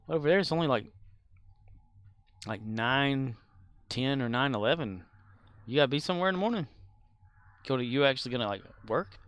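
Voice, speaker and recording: A talkative man rambles through casual chat while he streams a game, his voice edged with gravelly fry. He sits at a desk microphone, chuckling often as he jumps from story to story. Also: medium pitch, fairly bright tone, dry recording. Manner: laughs often while talking.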